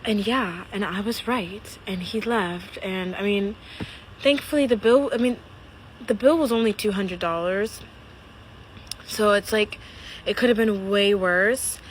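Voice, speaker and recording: A young woman telling a story about a bad date, animated and swearing, with lots of "like" fillers. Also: mid-range voice, unhurried, slight background noise, low-quality recording. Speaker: social media storyteller. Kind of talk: storytime monologue. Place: outside her home.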